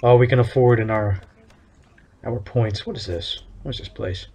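A man's voice: medium pitch, normal speed, mellow. A man giving casual commentary while playing a game, hesitant and thinking aloud with many fillers. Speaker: let's play gamer.

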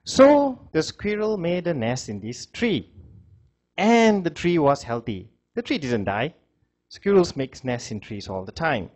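A man's voice: on the high side, very animated, unhurried, darkish tone. Conversational male lecturer. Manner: conversational, many fillers, repeats himself. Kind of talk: classroom lecture with storytelling.

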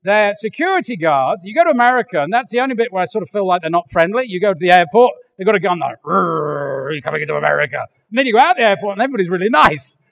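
An older English man preaching a sermon, animated and joking, acting out little voices as he goes. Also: high voice, rapid-fire, few pauses, big-room sound. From England. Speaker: pastor. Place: large church hall.

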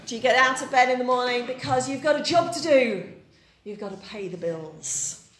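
A woman's voice: a little high, moderate pace, a bit bright, a little hiss or hum. A woman in her forties from Yorkshire, preaching a chatty, story-filled sermon and quizzing her congregation. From Yorkshire, England. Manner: chatty, anecdotal, asks the congregation questions. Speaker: pastor. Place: church. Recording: echoey church room.

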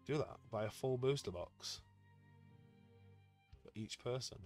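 A man live-streaming as he opens trading card packs, chatting excitedly with his viewers. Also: medium pitch, unhurried, faint music behind. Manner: excitable, chatty, talks to chat. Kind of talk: casual live-stream chat.

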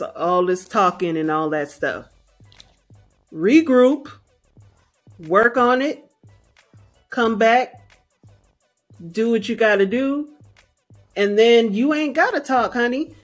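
Blunt, sassy woman with a lively pitch. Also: slow pace, long pauses, no room sound, faint music behind. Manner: blunt, sassy, emphatic repetition. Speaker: podcast co-host. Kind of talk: casual podcast chat.

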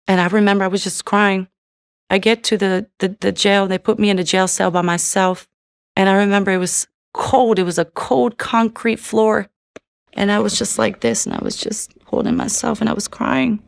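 A woman's voice: medium pitch, fairly even intonation, moderate pace, creaky, dry recording, studio quality. A woman sharing her personal faith testimony in a church, telling her story in an earnest, heartfelt way. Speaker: testimony speaker.

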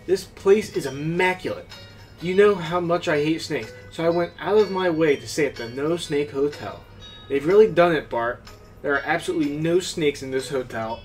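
A man giving let's-play commentary on a horror game, with loud, swearing reactions to scares. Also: a little high, normal speed, recorded from a distance, soft background music. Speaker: gaming YouTuber.

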